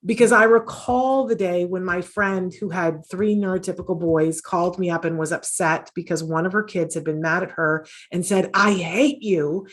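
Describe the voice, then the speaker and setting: A middle-aged woman speaks earnestly as a guest on an interview show, her voice fairly low and fairly bright, full of fillers and restarts. She is a podcast host and autism mom, telling stories conversationally.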